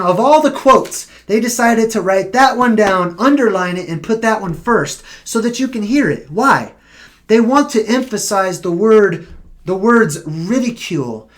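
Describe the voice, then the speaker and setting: A live-streaming vlogger with a mid-range voice, talking straight to viewers in a casual, argumentative way. The delivery is emphatic and full of rhetorical questions. The speaker drags out key points slowly, then rushes ahead. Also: medium pitch.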